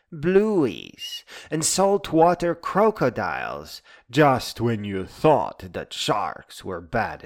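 A man reading a reflective, wry spoken essay in a musing, deliberate way. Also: mid-range voice. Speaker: essay narrator. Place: Lake Michigan area.

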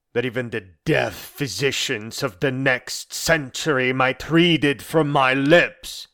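A man's voice: mid-range voice, fairly bright tone, smooth. A man voicing a scornful dying philosopher. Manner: slow, measured, bitterly scornful declamation. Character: embittered dying male philosopher, proud and scornful. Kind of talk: dramatic monologue, a letter read aloud.

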